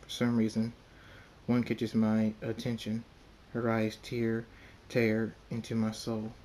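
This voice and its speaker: A man reading his own fan fiction story aloud in the first person, halting and repeating words. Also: on the low side, monotone, darkish tone, a little hiss or hum.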